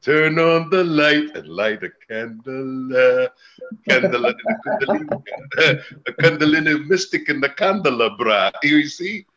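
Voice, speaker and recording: A man reading spiritual cards who rambles in a chanting stream of wordplay, with sudden laughs and jumps in pitch. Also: expressive, unhurried, a bit bright, lo-fi sound. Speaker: spiritual reader. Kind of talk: freewheeling mystical rambling.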